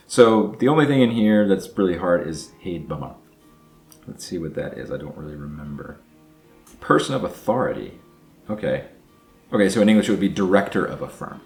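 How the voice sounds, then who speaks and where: A man's voice: low voice, animated, a little fast, gravelly, a little mellow. A man hosting a casual language-learning vlog, explaining in a chatty way and thinking aloud as he works through words. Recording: echoey room with faint music.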